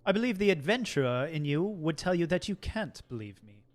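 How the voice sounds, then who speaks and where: A man voicing a calm, shrewd male ship captain in a tabletop game, speaking in a measured, cryptic way. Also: lightly acted. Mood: persuasive. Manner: measured, cryptic, lively pitch swings. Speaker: game master. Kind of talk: tabletop game role-play.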